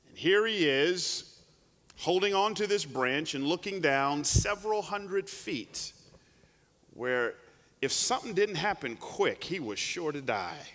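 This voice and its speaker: High-voiced guy preaching, bright and lively, big echoey church. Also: slow pace. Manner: animated storytelling with repeated restarts. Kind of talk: sermon. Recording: long hall reverb.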